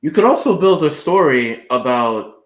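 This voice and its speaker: Lively-voiced man in an echoey room. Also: moderate pace. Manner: thoughtful, lively swings in pitch. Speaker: podcast co-host. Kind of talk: casual wrestling chat.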